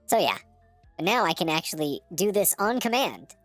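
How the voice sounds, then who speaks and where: A male streamer running his voice through a voice changer to make a tiny, goofy, pitched-up voice. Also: sing-song, normal speed, fairly bright tone, no room sound, faint music behind. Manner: goofy, playful.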